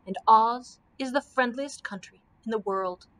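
A woman voicing a cheerful male scarecrow in a storybook, bright and eager. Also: a little high, a little slow.

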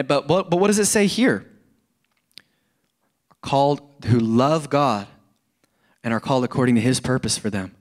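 A middle-aged man preaching a sermon in church, conversational and earnest, often repeating words and rising into emphasis. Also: mid-range voice. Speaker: pastor.

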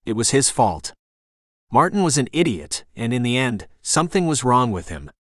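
A man's voice: mid-range voice, big pitch swings, moderate pace, no echo, studio quality. A male audiobook narrator voicing an older woman, a cold, scheming killer who talks sharply and bossily. She scorns and orders about the man she holds at gunpoint. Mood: defensive.

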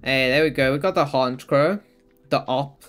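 A man's voice: mid-range voice, normal speed, a bit bright, soft background music. A man streaming a video game, rambling, giggling and chatting to his viewers. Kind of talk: casual live-stream chat while playing.

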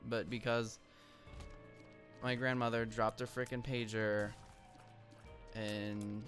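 Faint music plays behind a young man at home who hosts a gaming channel, his low-leaning voice a bit bright, slow and mostly flat in pitch. He rambles through a story over his gameplay, full of ums and the occasional frustrated outburst.

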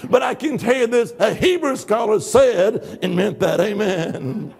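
A high-pitched older man preaching a lively sermon. He swings between storytelling and shouted praise, acting out the voices in his tale. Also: normal speed, vocal fry, few pauses, breathy edge. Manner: exuberant, shouting hallelujahs, acting out dialogue. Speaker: guest preacher. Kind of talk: Pentecostal-style sermon.

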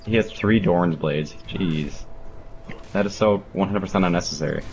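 A young man chatting while gaming, talking in a halting, drawn-out way full of likes and restarts. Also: low voice, a little mellow. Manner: halting, drawn-out talk with fillers. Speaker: gamer co-host. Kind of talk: casual gaming commentary. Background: game music.

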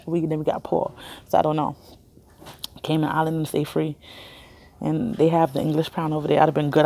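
Low-pitched, creaky and dark with a breathy edge, this young vlogger's voice comes through a handheld phone camera. She chats casually in a hospital waiting area, rambling and frequently laughing.

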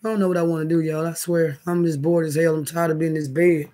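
Casting: man with a raised, high voice, loose and profane, chatting to a live audience from bed. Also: flat delivery, quick pace, mellow. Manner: rambling, profane, talks straight to the chat. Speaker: livestream host. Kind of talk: casual livestream chat. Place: indoors, in bed.

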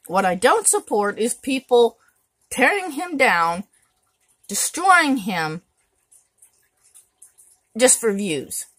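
A woman speaks straight to camera in an indignant rant, hammering her points home by repeating words. Her voice sits high and swings widely in pitch. She takes her time, and the recording is dry and close. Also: sing-song, takes it slowly, pauses often, fairly bright tone, no echo. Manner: indignant, emphatic, repeats for stress. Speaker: vlogger.

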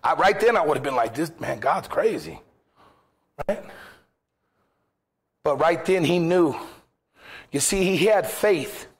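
A man's voice: fairly high pitch, lively intonation, measured pace, long pauses, breathy edge. A man preaching a sermon as pastor in a church, impassioned, firing rhetorical questions and acting out quoted voices.

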